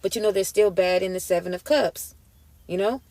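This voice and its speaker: A woman doing a casual tarot reading, talking straight to her viewers in an emphatic, slangy way and getting worked up as she goes. Her voice sits at an ordinary middle pitch. The sound is dry and close, with no room around it. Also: a little fast, darkish tone, dry recording. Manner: emotional, emphatic, slangy, addresses viewers as y'all. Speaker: tarot reader.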